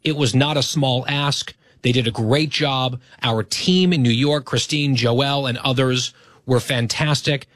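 Male radio host, mid-pitched, earnest and grateful, dry studio sound. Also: steady tone, unhurried, a bit bright, no room sound. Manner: earnest, grateful, self-deprecating. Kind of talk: talk radio monologue. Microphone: studio microphone.

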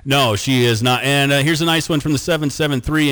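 A male sports radio host talking casually in a studio. He jokes with his co-host and reads listener texts aloud. His voice sits at an everyday middle pitch. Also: brisk, fairly bright tone, smooth, in a large hall.

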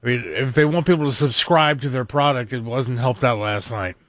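Male co-host, mid-pitched voice, dry studio sound, casual sports talk, blunt, grumbling. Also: a little fast, dry recording.

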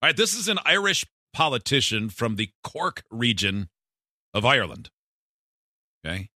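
A man's voice: mid-range voice, big pitch swings, normal speed, sharp tone, no room sound, clean studio sound. A man hosting a radio show, bantering casually with co-hosts. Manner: chatty, jokey. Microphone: studio microphone.

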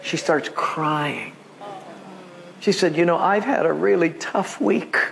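A man preaching as a pastor, telling animated personal stories and acting out the voices of the people in them, laughing often. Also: on the high side, slow pace, creaky, a little hiss or hum. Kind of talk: sermon with storytelling.

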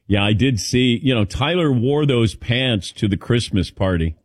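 Lively, rambling radio host man. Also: mid-range voice, moderate pace, no room sound, studio quality. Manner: lively, rambling with many fillers. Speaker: sports talk radio host. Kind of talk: casual radio chat taking calls.

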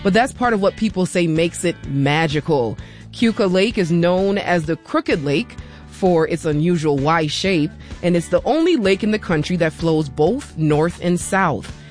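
A woman hosting a public radio talk show from a studio, measured and slowing down for lists and phone numbers. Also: lowish voice, darkish tone, no room sound. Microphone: studio microphone.

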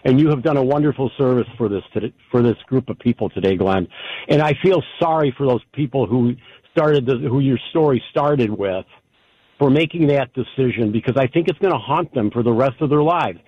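A man's voice: medium pitch, animated, fairly quick, slight background noise. Guy in his 50s calling a radio show, proud and grateful, muffled lo-fi phone line. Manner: warm, grateful, proud parent. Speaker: caller. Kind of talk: call-in radio talk.

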